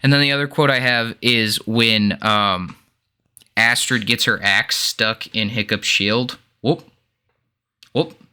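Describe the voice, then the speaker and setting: A man co-hosting a podcast in a loose, animated chat. His voice is bright and forward, and he laughs easily and swears freely as he talks. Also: on the low side, slow pace, clean tone. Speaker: podcast co-host. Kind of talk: casual chat.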